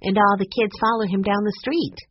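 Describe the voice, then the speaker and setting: Violet, woman voicing a gentle young girl. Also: medium pitch, fairly even intonation, brisk, highs cut off, slight background noise, voice pushed up, close to an everyday voice. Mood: thoughtful. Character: thoughtful shy girl. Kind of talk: audiobook character reading.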